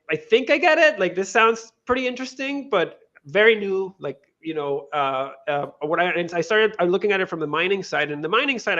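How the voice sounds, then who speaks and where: A Venezuelan crypto lending co-founder, appearing as a guest in a lively interview, tells a story in a slightly high voice. He speaks casually, often restarting sentences and slipping into quoted dialogue, and the audio is dull and lo-fi.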